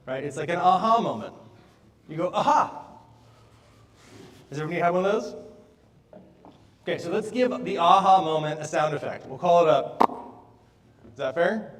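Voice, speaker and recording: A man's voice: fairly high pitch, a little fast, long pauses, far from the mic, a little hiss or hum. A man giving a motivational stage talk, telling stories with lots of checks like "right?". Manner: animated storyteller, frequent "right?". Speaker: motivational speaker. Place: large hall on stage. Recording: echoey hall, from afar.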